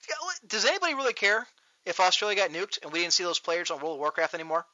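High bright guy on a profane rant show, dry and kinda muffled lo-fi. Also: fast, no echo. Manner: loud, profane, mocking rant. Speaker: podcast host. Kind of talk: ranting comedic talk show. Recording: dull lo-fi recording.

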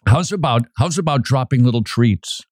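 Male radio host, very animated, preachy talk, dry studio mic. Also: mid-range voice, moderate pace, dry recording. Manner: lively, acts out quoted voices, repeats words.

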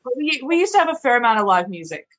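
A woman's voice: on the high side, big pitch swings, rapid-fire, a bit bright, dull audio. A woman, a bartender chatting casually on a podcast, full of "like" fillers and swearing. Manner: swears freely, frequent "like" fillers. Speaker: bartender guest.

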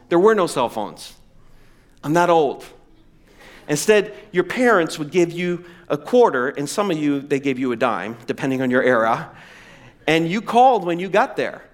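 Animated, high-voiced man preaching. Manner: animated, emphatic preaching with dramatic slowdowns. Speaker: pastor. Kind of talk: sermon.

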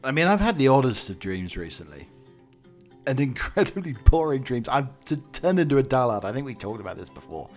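A man's voice: mid-range voice, very animated, fairly quick, darkish tone, soft background music. A Scottish man hosting a podcast, rambling through a jokey, musing comic monologue. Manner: jokey, musing, drifts between tangents. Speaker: podcast host.

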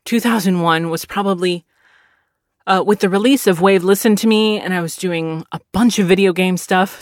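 A woman's voice: fairly low pitch, dry recording, clean studio sound. A woman in her thirties, a voice actor, talking candidly and rambling in a casual monologue, swearing now and then. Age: 30s. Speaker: voice actor and podcast host.

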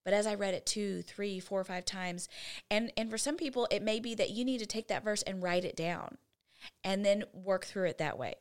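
A woman's voice: mid-range voice, moderate pace, smooth. A woman co-hosting a casual faith podcast, earnestly teaching Bible study steps one at a time. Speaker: podcast co-host.

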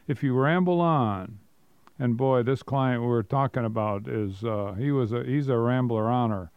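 A man with a gravelly, mid-pitched voice reads out talking points and adds wry asides in casual talk. The sound is dull and dry, like a muffled close mic. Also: normal speed, no room sound. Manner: reads points aloud, then comments wryly. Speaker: co-host.

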